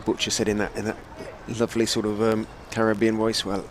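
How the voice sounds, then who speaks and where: A man giving live ball-by-ball cricket commentary, measured and telling stories between deliveries. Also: fairly low pitch, monotone, slight background noise.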